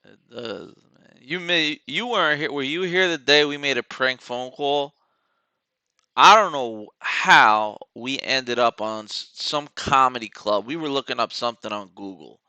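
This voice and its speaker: A man's voice: mid-range voice, a little slow, sharp tone, clear, resonant tone, no echo. A man hosting a live trading stream, rambling casually to his viewers while watching charts.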